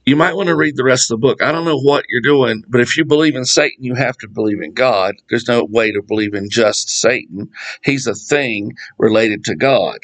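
A middle-aged man talks through scripture in a loose, conversational way. He has a mid-range voice, wanders off on tangents and chuckles at his own asides. His delivery is animated and unscripted. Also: medium pitch, normal speed, poor audio. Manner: animated, digressive, laughs at his own jokes. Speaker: Bible teacher. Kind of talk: casual Bible study talk.

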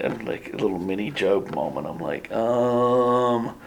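A man's voice: fairly low pitch, unhurried, vocal fry, hardly any pauses, a little hiss or hum. A man preaching a sermon, telling a story with acted-out quotes and sudden drops to near whispers. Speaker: pastor.

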